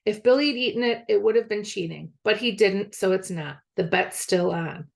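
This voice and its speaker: A woman voicing a loud, argumentative boy in a storybook reading. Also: medium pitch, moderate pace, gravelly, close to an everyday voice. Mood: arguing.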